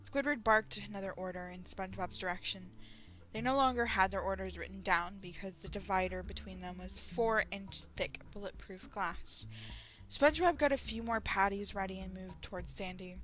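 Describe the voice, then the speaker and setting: A woman from Texas reading fan fiction aloud as a channel host, in an animated way and often breaking off to react. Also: mid-range voice, moderate pace, faint music behind, poor audio. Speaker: story reader, channel host.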